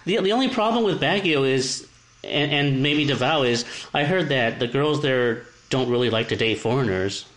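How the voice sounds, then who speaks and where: A man's voice: medium pitch, animated, normal speed, fairly bright tone, poor audio. A man in casual conversation who talks hesitantly, often restarting and repeating words. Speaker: conversation partner. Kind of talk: casual chat.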